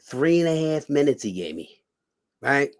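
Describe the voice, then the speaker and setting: Man, middle-aged, gravelly, animated storyteller, swears often. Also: fairly high pitch, normal speed. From Philadelphia. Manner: animated, swears a lot, acts out quoted voices. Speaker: guest. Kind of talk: casual storytelling.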